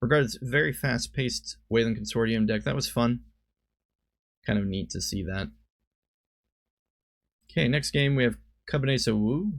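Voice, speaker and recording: A man's voice: mid-range voice, moderate pace, creaky, long pauses, no room sound. A man giving casual commentary on a card game, thinking aloud and often stopping to correct himself. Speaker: streamer and commentator.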